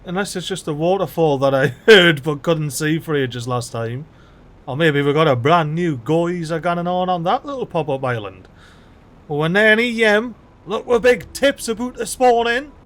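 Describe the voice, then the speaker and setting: A man giving excitable, chatty let's play commentary as a gaming channel host, swearing casually. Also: on the high side, moderate pace.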